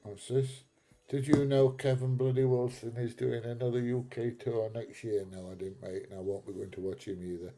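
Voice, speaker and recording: A man's voice: medium pitch, fairly even intonation, moderate pace. A middle-aged British man hosting a live stream, chatting casually through viewer comments, laughing often and calling people mate. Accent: British English.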